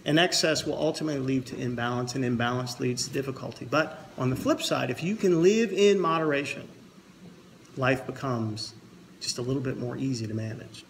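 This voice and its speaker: A man's voice: mid-range voice, a little fast, a little hiss or hum. A man speaking at his mother's memorial service as her son, mixing heartfelt reflection with jokes. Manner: earnest storyteller, tells jokes. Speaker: son giving a eulogy. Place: memorial service with a pastor present.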